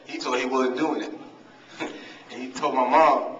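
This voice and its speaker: A man's voice: mid-range voice, steady tone, a little slow, pauses often, background noise. A man, giving a humorous, motivational banquet speech as a coach and talking straight to the crowd, recorded in a large hall from a distance. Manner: storytelling, talks straight to the crowd. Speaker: guest speaker and coach. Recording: echoey hall, distant mic, dull sound.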